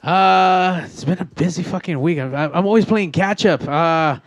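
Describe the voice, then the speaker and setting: A man's voice: sits high, moderate pace, soft background music. A man on a live podcast talking bluntly and swearing freely in casual chat.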